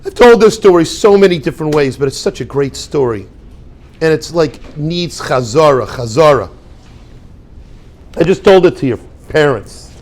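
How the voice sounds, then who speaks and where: A man teaching a class as a rabbi, with a fairly high voice that swings widely up and down. He acts out small everyday exchanges in quoted voices and throws questions at his students. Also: moderate pace. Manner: animated, acts out little dialogues in quoted voices. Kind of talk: lively classroom talk.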